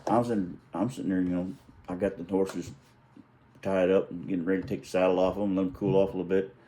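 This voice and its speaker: Middle-aged man, casual storyteller, low voice, warm mellow tone, rambling, chuckles often. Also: flat delivery, quick pace. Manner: rambling, chuckling storyteller with frequent self-corrections.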